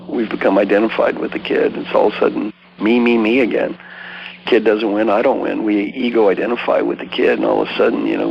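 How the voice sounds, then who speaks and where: An older man with a low, gravelly voice tells coaching stories with emphasis and acts out the people he quotes. The sound is dull and lo-fi, with faint hiss behind him. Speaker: guest executive coach. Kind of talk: storytelling interview talk.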